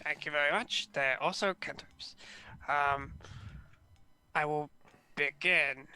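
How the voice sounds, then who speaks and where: A man's voice: fairly high pitch, fairly even intonation, slow pace, sharp tone, clear, resonant tone. A man playing a tabletop game, polite and laughing easily. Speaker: player. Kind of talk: casual tabletop play.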